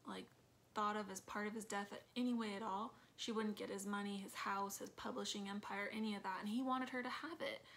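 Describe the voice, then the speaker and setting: A woman's voice: medium pitch, steady tone, fairly quick, a bit bright, slight background noise. A woman chatting casually in a movie review, retelling scenes with acted quotes and lots of fillers.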